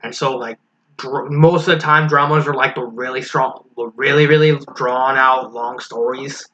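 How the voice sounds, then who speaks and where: A man's voice: medium pitch, steady tone, normal speed, pushed and bright. A man giving a casual spoken review of a fan story, frank and critical, thinking aloud as he goes. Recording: slightly dull lo-fi recording with faint hiss.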